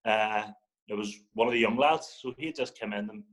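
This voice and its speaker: A young Northern Irish man, guesting on a football chat, tells a story at normal speed with a fairly low voice. Animated and swearing, he acts out other people's lines. The recording is rough.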